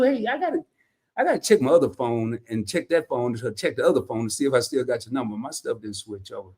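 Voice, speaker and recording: Animated man hosting a casual livestream. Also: medium pitch, fast talker, husky. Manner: animated and folksy, loose slangy phrasing. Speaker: livestream host. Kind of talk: casual livestream chat reading comments.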